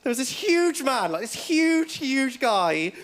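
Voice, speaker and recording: A young man performing a stand-up set in a comedy club, telling stories in an excitable, rambling way and tagging lines with "right?". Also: very high voice, takes it slowly. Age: young adult. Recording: loud live crowd and club noise.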